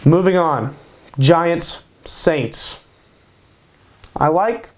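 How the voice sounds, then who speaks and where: A man's voice: fairly high pitch, expressive, takes it slowly, a little mellow. A man hosting his own show, giving casual sports predictions in a hyped way, repeating his picks and tacking "baby" onto them. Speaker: host. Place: home in Kansas.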